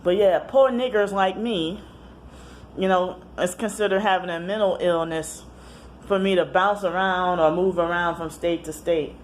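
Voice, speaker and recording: A woman talking casually to camera in a personal monologue, rambling, halting and often correcting herself mid-sentence. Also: fairly low pitch, steady tone, slight background noise. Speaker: vlogger.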